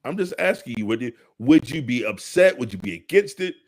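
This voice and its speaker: A man co-hosting a casual podcast, talking in an animated way, repeating himself and laughing often. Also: medium pitch, brisk. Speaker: podcast co-host. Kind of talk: casual chat.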